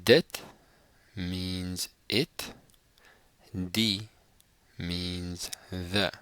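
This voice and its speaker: A man teaching a recorded language lesson, speaking slowly and carefully and repeating phrases so listeners can practice. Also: low-pitched, steady tone, a bit bright, a little hiss or hum.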